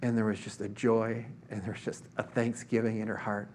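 A man's voice: on the low side, flat delivery, a little fast, darkish tone, slight background noise. A man preaching a sermon, telling a personal story in a conversational way with many fillers and restarts. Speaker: pastor.

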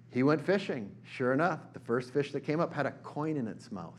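A man's voice: a little high, animated, fairly quick, few pauses. A middle-aged man preaching a sermon, moving between conversational storytelling and emphatic bursts.

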